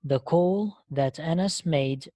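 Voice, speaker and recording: Her voice is low and dark-toned, with no room sound, as she teaches English in a live online class. She explains slowly and patiently, regularly checking that students are following, and is heard through an online lesson connection.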